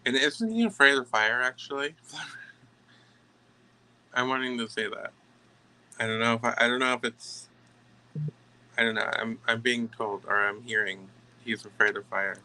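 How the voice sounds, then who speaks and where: A man giving a tarot reading to camera, emphatic and halting, often stopping to restart his sentences. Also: mid-range voice, bright, forceful tone, low-quality recording. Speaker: tarot reader.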